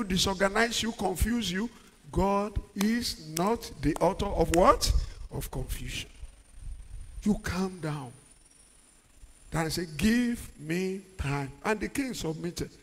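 A middle-aged man preaching a sermon, using call-and-response and swinging from quiet talk to shouts. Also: high-pitched. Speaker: pastor. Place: large church hall. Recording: long church-hall reverb.

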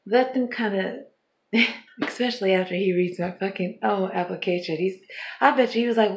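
A woman's voice: mid-range voice, moderate pace, a little mellow. Tired, rambling, foul-mouthed middle-aged woman. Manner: rambling, profane, laughs often. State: tired, up all night. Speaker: vlogger. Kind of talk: casual rambling vlog. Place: at home.

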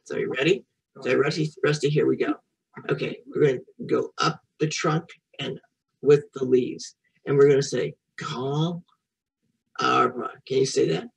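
A woman's voice: extremely low pitch, moderate pace, vocal fry, darkish tone, husky, recorded from a distance, poor audio. A woman reading a picture book aloud to a young child, patiently repeating French words and encouraging the child to say them back. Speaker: children's storyteller and French teacher.

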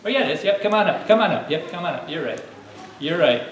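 Man teaching children, call-and-response, fairly high voice, echoey room, distant mic. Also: animated, quick pace, slight background noise. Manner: coaxing, call-and-response, coach-like. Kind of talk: lively lesson to a room of kids.

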